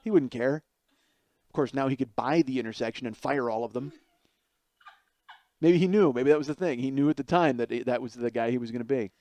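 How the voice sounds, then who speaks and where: A man in his forties with a mid-range, slightly mellow voice talks fairly quickly but pauses often. As a podcast host, he tells a rambling, self-deprecating comic story, performing the voices in his anecdotes.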